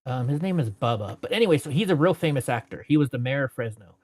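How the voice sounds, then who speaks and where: A man's voice: mid-range voice, expressive, quick pace, a little mellow, no room sound. Chatty man telling stories in a dry room. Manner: rambling, with many "you know" fillers. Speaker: interview guest. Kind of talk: casual storytelling interview.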